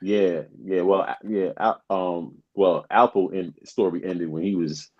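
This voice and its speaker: A man's voice: low voice, steady tone, a little slow. A man co-hosting a podcast, laying out a story in a laid-back, casual way. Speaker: podcast co-host. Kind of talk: casual chat. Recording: dull lo-fi sound.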